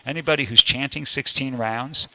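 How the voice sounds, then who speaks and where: Bright-voiced man giving a temple class. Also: mid-range voice, normal speed. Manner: conversational, restarts often, emphatic asides. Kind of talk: sermon. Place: temple room.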